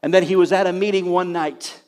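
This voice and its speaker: A male preacher delivers a sermon story in a fairly high voice. His telling is dramatic and swells to loud, emphatic peaks. He keeps tying his sentences together with "he says". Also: fairly even intonation, a little fast. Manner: frequent repetition of "he says".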